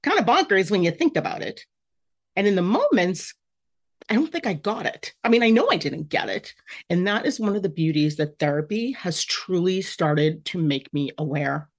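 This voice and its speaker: Her voice sits fairly low and sounds animated, moving at a moderate pace. She's a woman hosting her own podcast, giving a candid, emotional, self-reflective monologue about how she feels.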